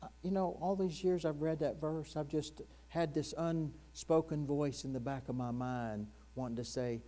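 Earnest male pastor preaching softly. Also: a little high, fairly even intonation, normal speed. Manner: earnest, drops to a hushed near-whisper on quoted verses; addresses congregation directly with questions. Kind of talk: sermon. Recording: mains hum in the background.

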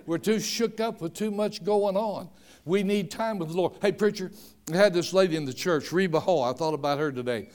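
An older man preaching a sermon, telling homespun stories and rising from quiet asides to shouted emphasis. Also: sits high, brisk. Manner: storytelling, swings from soft asides to shouted emphasis.

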